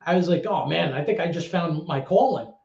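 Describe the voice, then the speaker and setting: An animated storyteller from the Bronx, New York, this former actor and DJ acts out voices and curses freely as an interview guest. His voice is a little high with vocal fry, and he talks fairly quickly. The room is echoey, the sound dull and lo-fi.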